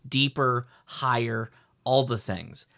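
A middle-aged man co-hosting a podcast, telling a rambling, animated story with lots of restarts. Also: mid-range voice, takes it slowly, gravelly. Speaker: podcast co-host. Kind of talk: casual chat.

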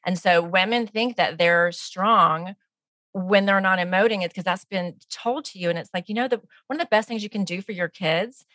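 Animated woman life coach, dry close sound. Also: mid-range voice, moderate pace, dry recording. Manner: animated, acts out her own inner dialogue. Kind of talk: casual podcast conversation.

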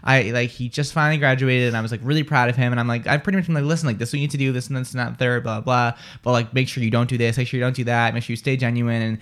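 A young man hosts morning radio and talks fast at an even, middling pitch. He rambles, packing his sentences with "like". The studio mic keeps him close and clear. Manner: rapid, rambling talk with many "like"s. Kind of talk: casual chat.

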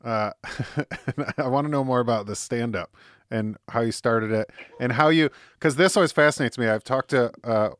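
A man hosting an interview, asking questions eagerly with restarts and drawn-out phrasing. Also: mid-range voice, a bit bright, no room sound, studio quality. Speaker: podcast host. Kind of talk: casual interview chat.

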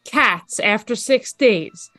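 A woman hosting a podcast, with a fairly high voice recorded dry and close. She ribs her co-host and laughs easily as she chats. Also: animated, slow pace, a bit bright, dry recording. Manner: teasing, laughs often. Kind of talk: casual chat.

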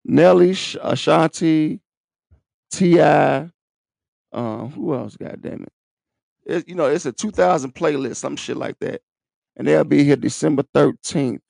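A man's voice: on the high side, unhurried, gravelly, a little mellow, dry recording, studio quality. A man hosting his own podcast, rambling in a profane, streetwise, boastful way. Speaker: podcast host. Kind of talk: rambling solo podcast talk. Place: at home, seated in a wheelchair.

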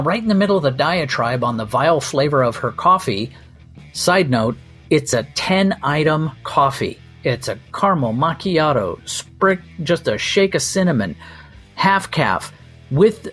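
A man's voice: fairly high pitch, a bit bright, husky. A man hosting a podcast, telling a comic story in a wry, sardonic and profane way. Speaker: podcast host. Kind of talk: comedic storytelling monologue.

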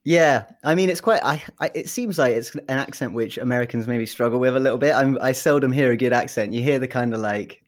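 A young man with an English accent talks in a relaxed, chatty way as an interview guest. He is a PhD researcher who rambles a little, with plenty of fillers and restarts. His voice sits at an ordinary middle pitch. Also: fairly quick, hardly any pauses. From England. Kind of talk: casual interview chat.

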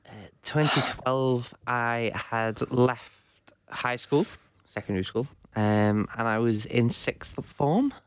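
A man's voice: medium pitch, slow, clean tone, dry recording. A man in his twenties, a podcast co-host, chatting in a laid-back, wry way. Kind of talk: casual chat.

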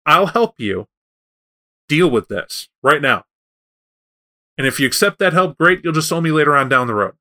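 A man's voice: on the high side, very animated, moderate pace, pauses often, bright, forceful tone. A man voicing a sly, boastful male coyote in a spoken folk tale, talking like a pushy salesman. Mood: wheedling. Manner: brash, wheedling salesman talk.

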